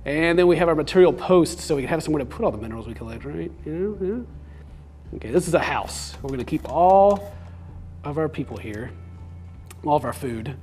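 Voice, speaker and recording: A man's voice: fairly high pitch, expressive, brisk, a little mellow, faint music behind. A young man giving goofy, rambling commentary as he plays a mobile game. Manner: goofy, rambling, self-amused. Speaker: gaming video host. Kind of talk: casual let's play commentary.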